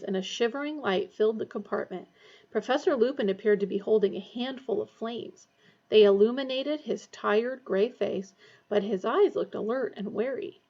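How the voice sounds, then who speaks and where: Lo-fi woman reading a story aloud. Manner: lively character voices, raised pitch for dialogue. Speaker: audiobook reader. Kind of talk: reading a novel aloud, voicing characters. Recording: dull lo-fi recording.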